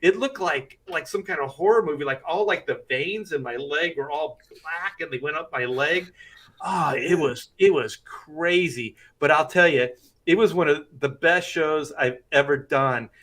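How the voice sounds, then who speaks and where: A man's voice: fairly high pitch, moderate pace, fairly bright tone. A middle-aged man, a comic artist, telling a rambling anecdote in casual chat and laughing through it.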